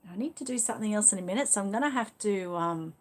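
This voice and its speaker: A woman's voice: mid-range voice, animated, fast talker. A woman with an Australian accent hosting a live stream, chatting casually and reading out viewer comments, with lots of "you know" fillers. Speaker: livestream host.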